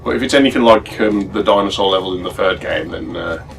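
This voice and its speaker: A young man co-hosts a let's play, chatting casually and explaining game mechanics at length. His voice is low-pitched yet fairly bright, fast, with vocal fry. The distant mic picks up game music behind him.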